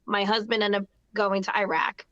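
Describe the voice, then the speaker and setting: A woman's voice: mid-range voice, flat delivery, normal speed, a bit bright, no room sound. Chatty New Jersey woman guest, slightly muffled. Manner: chatty, upbeat, many fillers and restarts. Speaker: guest singer-songwriter. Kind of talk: casual interview chat.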